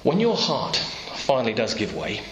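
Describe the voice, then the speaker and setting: A man's voice: medium pitch, huge pitch swings, normal speed, a bit bright, a little hiss or hum. A man preaching a sermon in a church, telling the story through imagined dialogue. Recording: echoey church room, faint ambience.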